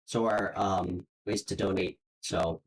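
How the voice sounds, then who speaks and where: With a deep voice, a steady tone, and a slow pace, a tarot reader hosting a live stream gives a casual, encouraging reading, using lots of "um," "like," and repeated words while searching for the next thing to say. The recording is low-quality, with slight background noise.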